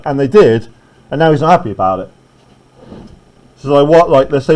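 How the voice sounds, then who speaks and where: A man's voice: mid-range voice, lively intonation, moderate pace, long pauses, a little mellow, low-quality recording. A male teacher leading a classroom literature lesson, talking conversationally and often checking in with "right?".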